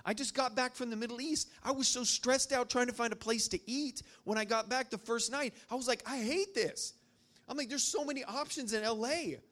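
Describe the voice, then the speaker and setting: The speaker is a young Arkansan addressing a church gathering informally, rambling through his story with many fillers. His voice is extremely high-pitched and a bit bright, and he speaks briskly.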